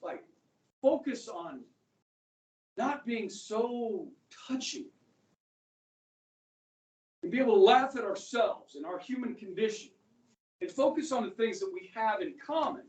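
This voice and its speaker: A man's voice: very high voice, darkish tone. A male history teacher giving a casual, joking classroom lecture and firing rhetorical questions at his students. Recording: echoey classroom, speaker far from the mic.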